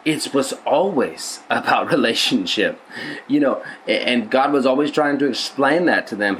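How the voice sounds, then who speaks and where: A man's voice: medium pitch, normal speed, slight background noise, low-quality recording. A male pastor giving a conversational sermon, rambling with many restarts and repeated words.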